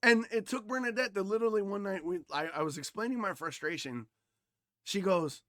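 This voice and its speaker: Podcast dude with a high bright voice, swears a ton, ranting loud then going quiet, dry close mic. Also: male voice, animated, brisk, no echo. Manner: blunt and profane, swings from loud ranting to quiet reflection. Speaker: podcast co-host. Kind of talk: casual chat.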